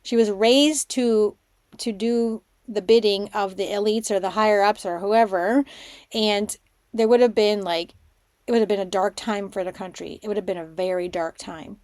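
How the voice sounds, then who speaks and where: Woman, spiritual podcast host, excitable rambling storyteller, dry close recording. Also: mid-range voice, normal speed, dry recording. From Canada. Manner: excitable storytelling, drops to a hushed voice for her own thoughts. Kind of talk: casual monologue podcast.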